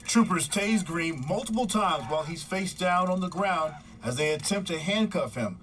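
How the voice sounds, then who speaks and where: A man delivering a scripted news report in a measured, formal way. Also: sits high, lively intonation, distant mic, very noisy. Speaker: news correspondent.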